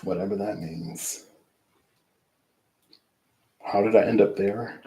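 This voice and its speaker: A low-voiced man wraps up a tarot reading in a loose, musing way, drifting between thoughts and trailing off into asides. His voice sits a little deep and rings around a roomy, echoey space. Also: steady tone, slow, gravelly, dark tone. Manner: rambling and reflective, trailing off into asides. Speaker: tarot reader. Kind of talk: casual spoken tarot reading wrap-up.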